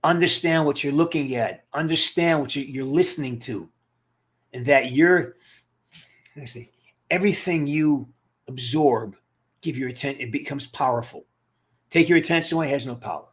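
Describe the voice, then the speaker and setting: A middle-aged man hosts a casual livestream and rants to his viewers. He is blunt and emphatic and swears freely. His voice sits at an ordinary middle pitch. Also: animated, moderate pace, long pauses. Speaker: livestream host. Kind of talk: casual rant to live chat.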